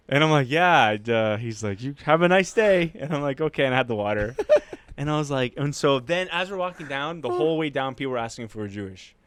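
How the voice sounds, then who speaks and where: A man's voice: medium pitch, lively intonation, a bit bright, clean tone. A man co-hosting a comedy podcast, telling a casual story and laughing through it. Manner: laughs through his own story, quick asides. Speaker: podcast co-host. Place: podcast studio.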